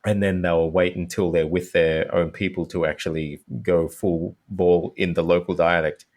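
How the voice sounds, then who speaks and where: A man, a language teacher, talking as a guest in a casual podcast interview, animated and dropping into quick voiced examples. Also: sits low.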